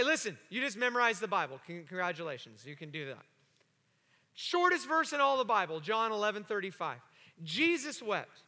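A pastor preaching a sermon to his congregation, animated and joking with the room. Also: extremely high pitch. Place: church sanctuary. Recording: long hall reverb.

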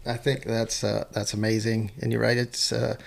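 A man hosting an interview, talking in a relaxed, chatty way with plenty of fillers and restarts. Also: on the low side, moderate pace, vocal fry. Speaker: podcast host. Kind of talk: casual interview chat.

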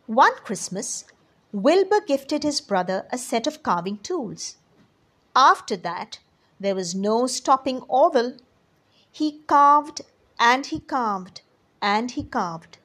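Lady reading a kids story really slow, expressive, lots of ups and downs in her voice. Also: a little high, breathy edge. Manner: expressive, addresses children directly.

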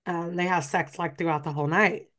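A woman's voice: lowish voice, fairly quick. A woman in her twenties, a podcast co-host, animatedly retelling a book's plot in casual chat. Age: 20s. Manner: animated, rambling retelling with lots of fillers.

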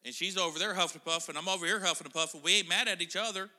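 A man's voice: sits high, rapid-fire, pushed and bright. A middle-aged man preaching a casual sermon in a church, chatting and joking with the congregation. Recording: church hall reverb.

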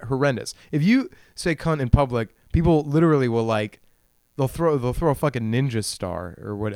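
Crude, rambling young man with a smooth voice. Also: mid-range voice, darkish tone, no echo, studio quality. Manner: crude, rambling, laughs at his own jokes. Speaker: podcast host. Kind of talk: solo comedic rant.

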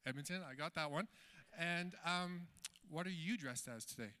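A man with a high, bright voice runs a mock game show with exclamatory showman patter. He is heard in a big hall with a long reverb. Music plays faintly behind him. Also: moderate pace. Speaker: game show host at a live event.

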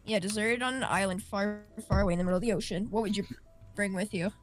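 A woman's voice: mid-range voice, fast talker, soft background music. A woman co-hosting a casual online podcast, chatty, bringing up new topics. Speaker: podcast co-host. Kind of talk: casual group chat over a call.

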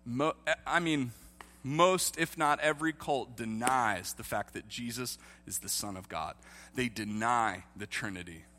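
Bright-voiced preaching pastor, hall reverb. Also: male voice, medium pitch, measured pace. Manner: builds to loud impassioned preaching. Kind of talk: sermon. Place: church, streamed online.

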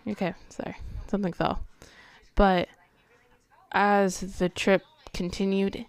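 A woman's voice: medium pitch, little pitch movement, takes it slowly, clear, resonant tone, no echo. A teenage girl hosting her own podcast, talking hesitantly and tiredly late at night, often dropping to a near whisper. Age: teens. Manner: hesitant, soft-spoken, often trailing into a whisper. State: tired, yawning. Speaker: podcast host. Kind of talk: confessional late-night monologue.

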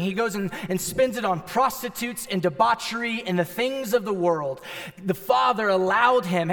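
A man with a high voice preaches a sermon, emphatic and dramatic. He swings from loud, ringing declarations down to hushed near-whispers. His voice carries the long reverb of a large hall. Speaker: pastor.

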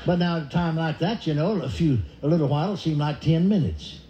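A man's voice: fairly high pitch, fairly quick, warm tone, slight background noise. An older man preaching a sermon, telling a story and acting out the voices in it. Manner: acts out forced laughter and quoted dialogue. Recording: echoey dull room recording.

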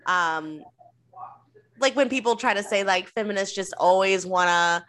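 A woman's voice: mid-range voice, a little slow, a bit bright. A woman co-hosting a podcast from home, chatting casually and animatedly, with lots of fillers. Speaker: podcast co-host. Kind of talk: casual chat.

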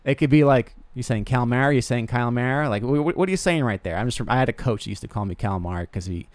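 A man's voice: medium pitch, expressive, fast talker, no room sound. Rambling self-deprecating young man. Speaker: podcast host. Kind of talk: casual comedic monologue.

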